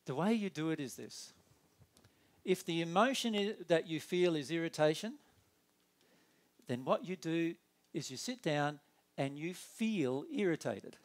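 Man, higher voice, lively conversational teaching, acts out inner dialogue. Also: a little slow, long pauses. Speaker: spiritual teacher.

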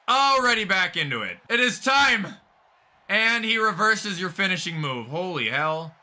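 Young man, gaming commentator, high bright voice, very lively pitch, yells on big moves, griping asides. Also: a little slow. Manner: hyped, yelling at big moves, swearing and griping between calls. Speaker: gaming YouTuber commentating his own wrestling game. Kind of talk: excitable play-by-play commentary.

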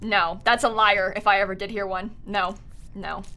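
A woman streamer hosting casual game chat with friends, animated and shrieking between laughs. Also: medium pitch, moderate pace. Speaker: streamer and host.

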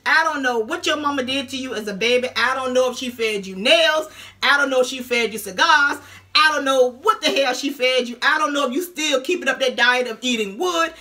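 Sassy high-voiced woman roasting on camera. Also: pushed and bright. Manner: sassy, taunting, drawn-out "honey" and "girl". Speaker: YouTube vlogger.

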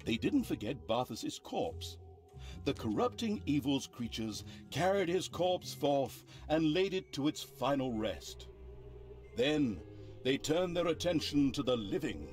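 An actor playing a sardonic narrator of a dark fantasy video game, telling the tale with theatrical dry humor. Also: male voice, mid-range voice.

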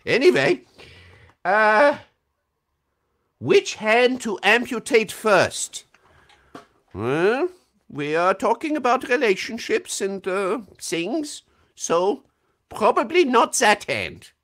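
A man's voice: sits high, sing-song, slow pace, pauses often, a bit bright. A man, a voice actor, chatting playfully on a livestream Q&A over a video call, laughing often and reading out fan comments. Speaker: voice actor answering fan questions. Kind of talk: casual livestream Q&A.

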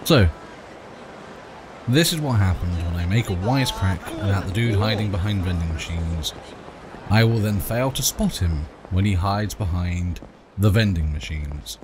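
Deep-voiced wry gaming commentator man. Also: moderate pace, background noise. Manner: wry, reads game dialogue aloud. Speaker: let's play host. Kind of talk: casual gameplay commentary. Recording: game music under voice.

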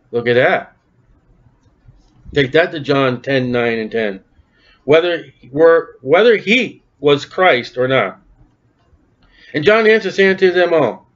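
Male preacher, fairly high voice, folksy and emphatic, dull lo-fi recording. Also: expressive, extremely slow, pauses often, fairly bright tone. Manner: folksy, emphatic, calls out to the congregation. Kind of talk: sermon. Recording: dull lo-fi sound.

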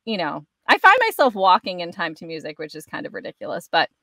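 A woman's voice: on the low side, huge pitch swings, fast, vocal fry, bright, forceful tone, no echo. Enthusiastic lady host gushing about bands, dry close sound, lots of ums. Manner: enthusiastic, chatty, frequent laughs and fillers. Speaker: podcast host. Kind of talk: casual interview chat.

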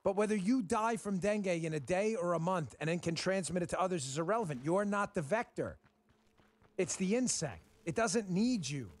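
A man's voice: high-pitched, animated, normal speed. A man from Texas hosting a show and delivering frustrated, emphatic political commentary that often repeats itself. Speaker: host. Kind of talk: political commentary over gameplay.

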